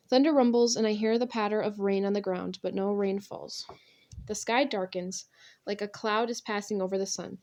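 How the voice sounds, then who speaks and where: In a mid-range voice, a young woman narrates a first-person audiobook with intensity, drama, and plenty of expression.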